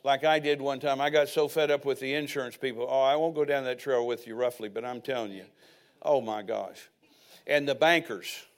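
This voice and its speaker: A man's voice: mid-range voice, fairly even intonation, a little fast. An older man preaching a sermon as pastor, telling personal stories with folksy asides.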